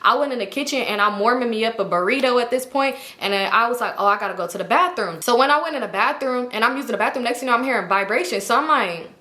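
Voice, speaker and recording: A woman telling a storytime in a casual, animated, slangy way with lots of swearing. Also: fairly high pitch, quick pace, hardly any pauses. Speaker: storytime vlogger. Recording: echoey room.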